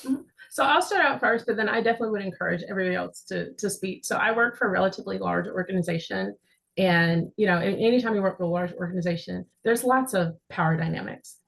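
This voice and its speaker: Woman panelist, manager type, earnest and chatty, light vocal fry. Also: mid-range voice, fast, poor audio. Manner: earnest, conversational, with frequent "right?" asides. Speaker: panelist, manager at a large organization. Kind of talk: webinar panel discussion.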